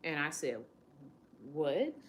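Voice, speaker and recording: Speaking slowly in a low, sing-song voice, a woman in her late twenties tells a personal story. She's a vlogger, candid and emotional, and she often quotes what others said to her.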